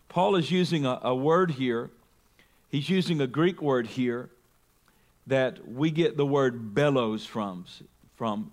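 A male pastor teaching through a Bible passage, reading scripture aloud with rising emphasis and slowing on key words. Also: mid-range voice. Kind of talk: expository sermon.

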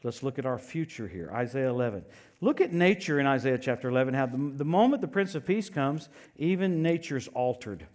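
An older man preaching a sermon, telling stories with animated voice swings between loud and soft. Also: mid-range voice, a little fast.

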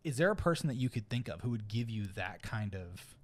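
A young man with a lowish voice chats on a podcast. He tells a story in a loose, rambling way, acting out what the people in it said. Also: a little fast, slight background noise. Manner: rambling storyteller, animated retelling. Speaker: podcast co-host. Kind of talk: casual chat.

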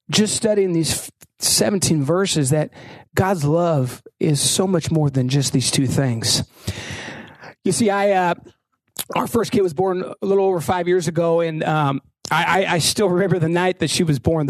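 High-voiced self-mocking preacher man. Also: no echo. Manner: self-deprecating, halting with many restarts. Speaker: pastor. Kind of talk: sermon with personal storytelling.

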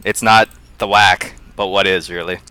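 Male guest, very deep smooth voice, matter-of-fact, casual sports chat. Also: steady tone, normal speed, pushed and bright, no room sound. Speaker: podcast guest, Washington fan.

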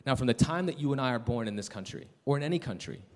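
A middle-aged man preaching a sermon as pastor, dropping to hushed, slow lines and then rising into loud, excited storytelling. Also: mid-range voice.

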